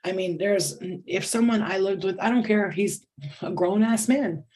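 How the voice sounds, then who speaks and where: At a normal speed and in a dark, mid-range voice, a middle-aged woman hosts a live spiritual reading as a tarot reader. She speaks casually, swears, restarts sentences and laughs frequently.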